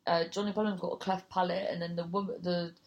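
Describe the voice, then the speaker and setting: A woman's voice: lowish voice, level tone, fast talker, highs cut off. A woman comedian telling a gig story casually, swearing freely and acting out other people's voices. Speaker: comedian and compere.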